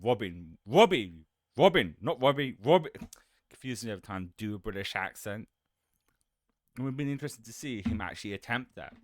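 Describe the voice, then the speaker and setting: Lively rambling male streamer, dry sound. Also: low voice, dry recording. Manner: rambling, self-correcting, swears offhandedly. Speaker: VTuber streamer. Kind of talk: casual reaction chat.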